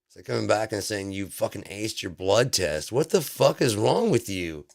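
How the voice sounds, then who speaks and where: A man's voice: lowish voice, expressive, normal speed, creaky. A man hosting a livestream, ranting about politics in a profane, sarcastic way with many restarts. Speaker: livestream host. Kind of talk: casual political rant on a livestream.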